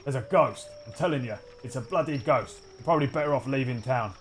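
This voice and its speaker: A man voicing a gruff townsman who speaks urgently and insistently. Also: medium pitch, quick pace, a little hiss or hum, voice pushed up, close to an everyday voice. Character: gruff townsman warning of a ghost.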